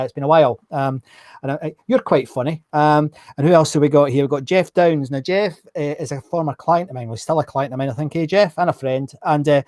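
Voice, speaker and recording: A man's voice: a little high, a little mellow, dry recording, studio quality. A Scottish man hosting a live-streamed interview, chatting casually, correcting himself and reading out viewer comments. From Scotland. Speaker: host.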